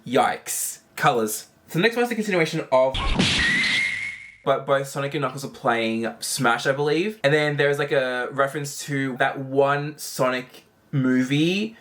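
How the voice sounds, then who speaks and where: A man giving casual commentary while ranking animated shorts, rambling with lots of fillers and casual swearing. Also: medium pitch, measured pace, slight background noise. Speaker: video creator ranking animations.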